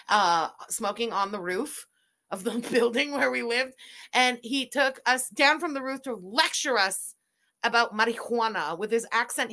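A woman streamer giving loud, animated, swearing reaction commentary while watching a video, laughing often. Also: fairly high pitch. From Canada.

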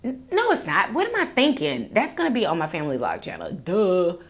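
Her voice is a little high, swooping wildly in pitch at a quick pace. The young woman runs a mukbang food vlog, chatting casually through viewer comments and calling everyone "girl" and "y'all."

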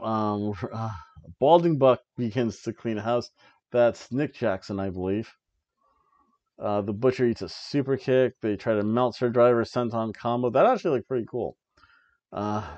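A man's voice: medium pitch, a little mellow, no echo. Male podcast host, casual match-recap chatter, mid-range voice, slightly muffled dry home recording. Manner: chatty, laughs often, many ums. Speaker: wrestling review podcast host.

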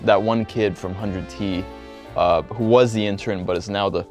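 A man hosting an interview show, asking listed questions with awkward, goofy deadpan humor. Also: lowish voice, moderate pace, soft background music. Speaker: host.

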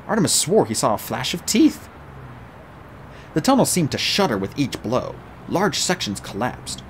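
A man reading a novel aloud as an audiobook narrator, with an animated, expressive delivery. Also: mid-range voice, a little hiss or hum.

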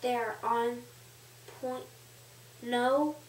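A woman reading aloud in halting practice, stumbling and repeating words as she is corrected. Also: fairly high pitch, fairly even intonation. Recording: echoey room, far from mic, faint noise.

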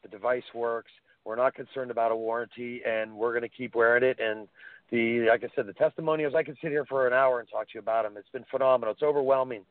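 A man's voice: medium pitch, quick pace, no echo. Male phone-in guest, eager storyteller, sound thin and dry like a phone call. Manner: enthusiastic storyteller, animated anecdotes. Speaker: guest, helmet pad inventor. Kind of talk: phone-in radio interview. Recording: dry tinny phone line.

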